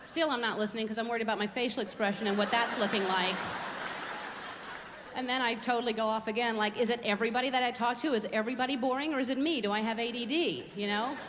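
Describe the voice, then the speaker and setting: A middle-aged woman's voice, on the high side, steady and fast, carries a rambling stand-up routine of self-mocking, observational everyday stories. She performs live on a large theater stage, where the reverberant hall adds crowd and background noise.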